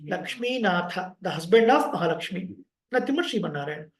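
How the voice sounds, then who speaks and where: A man with an Indian English accent leading an online sloka class, chanting slowly and explaining pronunciation with patience. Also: sits high, big pitch swings, reverberant, low-quality recording. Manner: slow drawn-out chanting, patient spelling-out of sounds. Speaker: chanting teacher.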